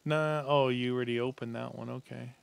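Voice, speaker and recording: A man's voice: medium pitch, fairly even intonation, a little fast, vocal fry, smooth, no room sound. A man co-hosting a gaming channel, chatting casually and playfully while exploring a zombie map. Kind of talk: casual gameplay chat.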